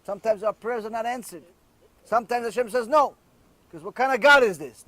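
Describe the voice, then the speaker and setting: Brief: high-pitched male rabbi, lively joke-telling lecture, dry close sound. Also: fairly quick, no echo. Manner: animated storyteller, acts out characters in jokes.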